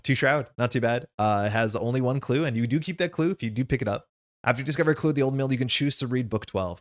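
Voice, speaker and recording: A man's voice: medium pitch, lively intonation, fast. Man explaining card game rules. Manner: thinks aloud, explains rules. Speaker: game streamer. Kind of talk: casual card game commentary.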